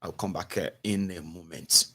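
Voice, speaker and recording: A man's voice: low voice, fairly even intonation, moderate pace, sharp tone. Chatty Nigerian man hosting political talk. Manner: chatty, mixing in Pidgin asides. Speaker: political commentary host. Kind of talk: casual online commentary broadcast.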